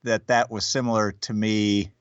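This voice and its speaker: A man's voice: on the low side, flat delivery, moderate pace, smooth, no echo, muffled recording. A man co-hosting a podcast, recapping an episode with wry, self-deprecating humor. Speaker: podcast co-host. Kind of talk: casual chat.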